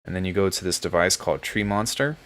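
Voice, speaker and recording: A man hosting a live stream from home as a music producer, chatting casually in a relaxed, joking way. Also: deep voice, fast. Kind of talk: casual livestream chat.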